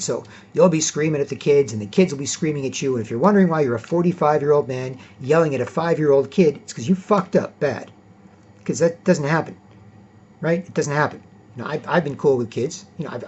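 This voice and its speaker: A man with a husky, slightly raised voice holds forth in a rambling vlog lecture. He is emphatic and blunt, swears freely and keeps checking in with "right?". The recording is dull and lo-fi. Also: fairly high pitch, darkish tone. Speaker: vlogger. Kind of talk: casual lecturing monologue.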